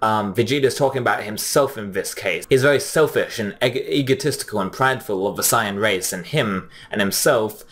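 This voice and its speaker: A man's voice: lowish voice, fairly bright tone. Young man chatting casually about dub lines. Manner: chatty, frequent fillers, restarts, reads quotes plainly. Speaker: anime commentary host.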